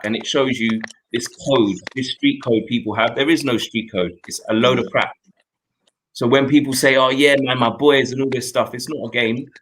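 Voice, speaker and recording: Young male host, earnest, reflective storyteller, halting delivery, mid-range pitch. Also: a bit bright, a little hiss or hum, poor audio. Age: young adult. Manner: earnest, reflective, with frequent pauses and restarts. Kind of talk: candid personal storytelling in a talk show.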